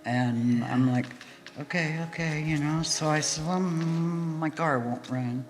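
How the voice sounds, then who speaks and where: A woman guest in an interview, telling a story in a lively way, laughing often and acting out what people said. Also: low-pitched, a little slow. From United States. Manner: animated, laughing storyteller who acts out quotes. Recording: hall reverb with faint music.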